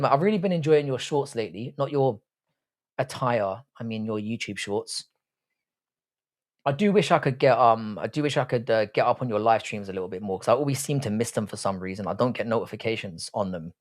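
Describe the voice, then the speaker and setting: A man's voice: medium pitch, a little fast. A man hosting a casual livestream, reading out chat comments and bantering crudely, with frequent swearing.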